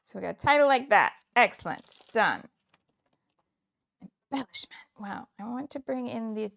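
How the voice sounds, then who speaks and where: A woman from Kansas hosts a craft livestream about scrapbooking, full of chatter, frequent laughter, and musings as she works. She speaks at a moderate pace in a fairly high, animated voice that's gravelly and a bit bright.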